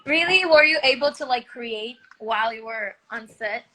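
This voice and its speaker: A woman's voice: on the high side, moderate pace, pushed and bright. A young Brazilian woman whose first language is Portuguese, hosting a casual livestream chat in English over a video call, bubbly and giggly. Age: young adult. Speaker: livestream host.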